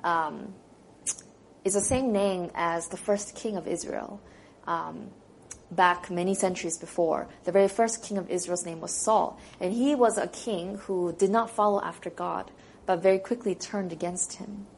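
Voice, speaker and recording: A woman's voice: fairly low pitch, unhurried, creaky, slight background noise, rough recording. Conversational woman giving a sermon. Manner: conversational, asks the listeners questions. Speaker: Bible teacher. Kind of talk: sermon with Bible reading.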